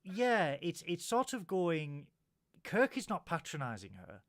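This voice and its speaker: A man's voice: on the high side, wildly swooping pitch, measured pace. A man hosting a casual film review podcast, animatedly retelling scenes and acting out the characters' lines. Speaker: podcast host.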